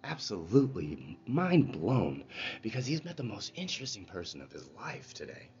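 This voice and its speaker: A man's voice: fairly low pitch, huge pitch swings, normal speed, darkish tone. A man telling a story in a casual monologue, keeping it conversational and checking in with listeners as he goes. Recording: dull lo-fi with faint noise.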